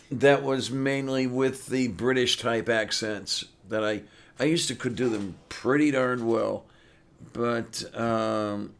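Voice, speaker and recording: A man in a casual chat who reads verses aloud and muses on them slowly. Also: medium pitch, smooth. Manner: slow, musing, reads scripture aloud.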